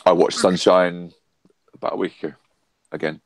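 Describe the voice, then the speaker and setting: A man with a low voice chats casually on a podcast. He drops quick, dry remarks into the talk, and his voice sounds close and dry. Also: flat delivery, no echo. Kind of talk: casual chat.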